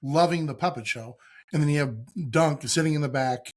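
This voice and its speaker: A man's voice: a little high, normal speed. A man co-hosting a podcast, casually chatting about a TV episode, chuckling and joining in on quotes. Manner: relaxed, chuckling, joins in on quotes. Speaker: podcast co-host. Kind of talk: casual chat recapping a TV episode.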